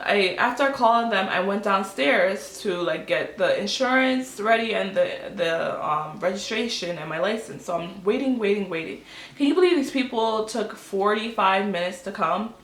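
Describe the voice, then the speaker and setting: A woman in her twenties telling a storytime vlog, chatty and animated, acting out quotes with lots of fillers. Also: mid-range voice, normal speed, roomy sound. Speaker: vlogger.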